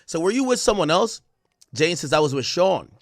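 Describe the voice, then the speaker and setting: A man hosts a live stream, reading court testimony aloud and breaking off into profane, animated reactions. His voice sits a little high and swings widely in pitch. The sound is dry and close, with no room echo. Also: normal speed. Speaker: streamer host.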